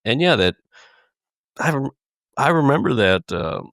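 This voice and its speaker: A man's voice: medium pitch, big pitch swings, unhurried, gravelly, a bit bright, no room sound, clean studio sound. A man hosting a podcast, talking loosely and rambling in casual chat, laughing often. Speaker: podcast host.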